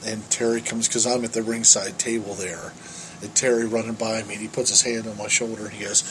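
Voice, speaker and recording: A man co-hosting a podcast, telling wrestling stories in an animated, profane, laughing way. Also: on the low side, a little fast, noisy background. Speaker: podcast co-host. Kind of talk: casual storytelling chat.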